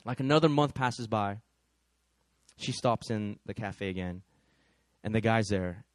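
A man's voice: on the low side, a little slow, no echo. A man preaching a sermon, telling a story and acting out each person in it. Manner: animated, acts out every character.

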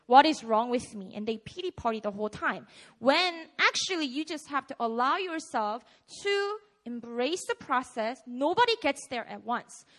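Woman, twenties, casual sermon, bright, chatty, asks the audience questions. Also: high voice, sing-song, moderate pace. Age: 20s. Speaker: preacher.

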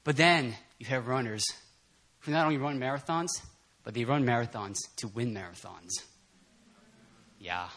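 The sermon at this church prayer meeting is informal and conversational, preached by a man at normal speed in a medium pitch. Frequent laughter, animation, fillers, and restarts run through it.

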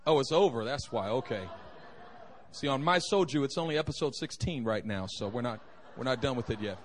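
A man's voice: mid-range voice, animated, a little fast, some chatter behind, a little hiss or hum. A young man preaching a humorous sermon in a church, telling stories and joking with the congregation. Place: church sanctuary.

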